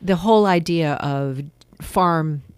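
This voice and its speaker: A woman's voice: low voice, takes it slowly, darkish tone, clean tone, no echo. A woman winemaker, a guest on a casual radio interview, chatting and telling stories with easy laughter. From California. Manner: chatty, laughs easily, storytelling.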